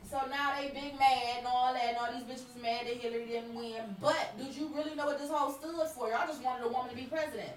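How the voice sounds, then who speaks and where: High-voiced woman ranting, echoey room. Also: steady tone, fast talker, hardly any pauses, recorded from a distance, faint music behind. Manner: blunt, heated, cursing freely. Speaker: podcast co-host. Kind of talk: profane political rant. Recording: echoey room, voice set back from the mic.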